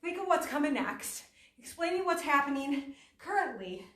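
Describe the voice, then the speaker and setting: A woman's voice: sits high, big pitch swings, normal speed, a bit bright. A woman fitness instructor leading a workout class, chatty and self-deprecating, talking while she exercises and at times out of breath. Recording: echoey room, voice from a distance.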